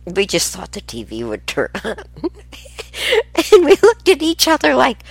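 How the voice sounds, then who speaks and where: A woman's voice: sits high, wildly swooping pitch, unhurried, creaky, husky, no room sound. An older woman telling family stories in a casual, rambling way, often laughing and getting sidetracked.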